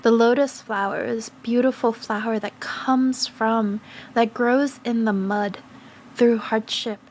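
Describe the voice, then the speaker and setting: A woman giving a gentle, slow spiritual card reading, speaking in soft, affirming phrases with pauses and fillers. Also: a little high, steady tone, a little hiss or hum. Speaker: tarot and oracle card reader.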